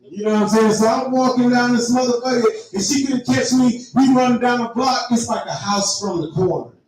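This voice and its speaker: A man's voice: very high voice, brisk, darkish tone. A man telling a profane story in a stand-up comedy set, talking straight to the crowd. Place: live comedy venue. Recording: echoey room, heard from far off.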